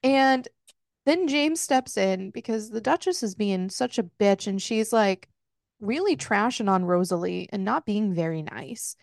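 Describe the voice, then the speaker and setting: A woman's voice: mid-range voice, animated, measured pace, gravelly, no echo, clean studio sound. A woman co-hosting a book club podcast, retelling scenes in casual chat, swearing freely and laughing often. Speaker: podcast co-host.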